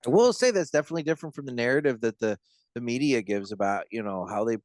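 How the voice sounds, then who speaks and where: A man's voice: medium pitch, lively intonation, fast talker, a little mellow, no room sound, studio quality. A man hosting a podcast, reacting with short quips and now and then offering longer opinions in a casual chat. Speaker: podcast host. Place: cigar podcast studio.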